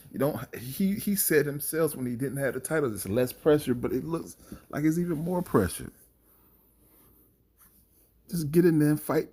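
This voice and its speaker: A man's voice: on the low side, darkish tone, husky. A man giving his opinion in a solo boxing commentary vlog, emphatic and rambling with fillers.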